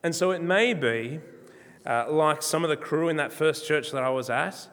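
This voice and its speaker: A man's voice: on the high side, a bit bright. Man preaching in a reverberant church. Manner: measured, emphatic, slows on key words. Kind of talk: sermon.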